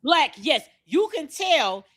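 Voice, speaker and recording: High, bright-voiced Miami woman ranting. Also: very animated, slow. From Miami, Florida. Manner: profane, emphatic, blunt. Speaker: podcast co-host. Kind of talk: casual podcast rant.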